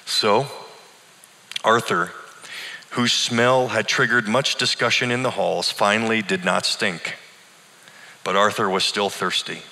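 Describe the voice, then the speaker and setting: A middle-aged man, a pastor, telling a personal story in an earnest, deliberate and emotional way, like a sermon. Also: lowish voice, sharp tone. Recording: long hall reverb.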